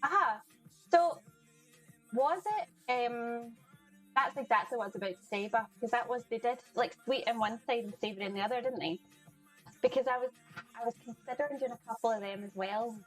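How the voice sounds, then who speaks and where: A woman's voice: on the high side, a little fast, faint music behind, low-quality recording. A woman hosting a live cooking stream, chatting casually with viewers and greeting them by name as she cooks. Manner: chatty, greets chat by name, laughs often. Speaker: livestream cooking host. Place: home kitchen.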